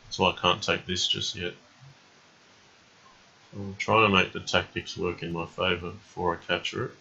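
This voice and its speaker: A man streaming chess. He thinks aloud in a calm, measured way with plenty of ums. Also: low voice, gravelly, husky. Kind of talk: live game commentary. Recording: dull lo-fi stream audio.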